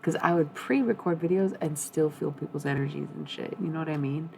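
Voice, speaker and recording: Young woman doing tarot on stream, low gravelly voice, swears a lot, rambles. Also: brisk, a little mellow, a little hiss or hum, poor audio. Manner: blunt, profane, rambling. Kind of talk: live-streamed tarot reading.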